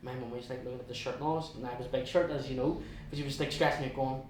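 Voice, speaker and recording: A young man with a Belfast accent tells his story in a chatty, halting way, often restarting and slipping into quoted asides. His voice sits at an ordinary middle pitch. It is heard from a distance in a very echoey room. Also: fairly even intonation, darkish tone, a little hiss or hum. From West Belfast, Northern Ireland. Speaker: guest. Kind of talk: casual storytelling interview.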